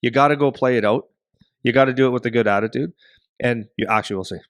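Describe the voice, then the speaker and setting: Man, middle-aged, podcast co-host, rambling animated storytelling, dry close sound. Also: medium pitch, fast talker, no echo. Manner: rambling, animated storyteller who acts out voices. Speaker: podcast co-host and hockey parent.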